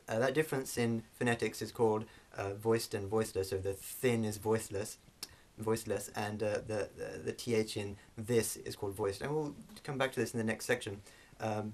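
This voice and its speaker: A man talks through pronunciation like a teacher, pausing on fillers and restarting phrases. His voice sits somewhat low. He demonstrates sounds and explains them patiently. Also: steady tone. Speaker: language teacher. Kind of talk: spoken language lesson.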